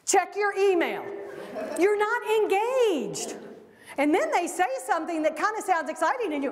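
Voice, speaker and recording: High-voiced woman giving an energetic talk. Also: moderate pace. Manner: energetic, emphatic, repeats key phrases. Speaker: conference speaker. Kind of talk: motivational presentation. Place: conference hall. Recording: echoey conference hall.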